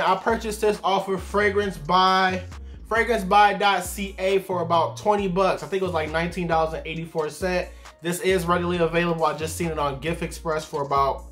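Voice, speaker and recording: Laid-back man with a high voice. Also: fairly bright tone. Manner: laid-back, repeats "man" and "y'all" often. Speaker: fragrance reviewer. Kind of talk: casual video review.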